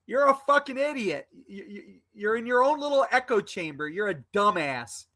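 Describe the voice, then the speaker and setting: In a heated live-stream argument over video call, a male guest insults a troll angrily and keeps repeating himself. His voice sits high, expressive and pushed bright, at normal speed.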